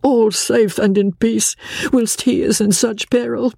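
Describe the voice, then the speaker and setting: A woman's voice: on the high side, fairly even intonation, unhurried, vocal fry, mellow, breathy edge, dry recording, clean studio sound, pitched above the performer's own voice, exaggerated voice. A woman voicing a grieving French countess in mourning, speaking broken English with a French accent in a tearful, pleading way. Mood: distressed.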